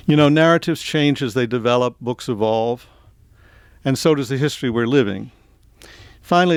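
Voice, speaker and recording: A middle-aged author from Tennessee and Georgia in the American South speaks in a mid-range voice at a bookstore event space. His talk is conversational and self-deprecating, and the sound has no echo.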